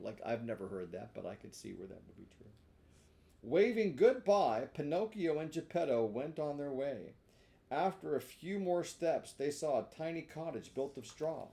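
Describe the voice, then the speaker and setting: A man's voice: on the high side, big pitch swings, normal speed, vocal fry, mellow. A man reading a children's book aloud, breaking off for chatty, chuckling asides to the listener. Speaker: storyteller.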